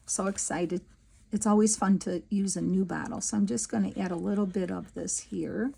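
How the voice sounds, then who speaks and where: A woman's voice: medium pitch, fairly even intonation, moderate pace, gravelly, mellow, slight background noise. A woman hosting a crafting video, chatting casually and giggling as she works, with many fillers. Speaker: crafting channel host. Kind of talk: casual craft tutorial chat.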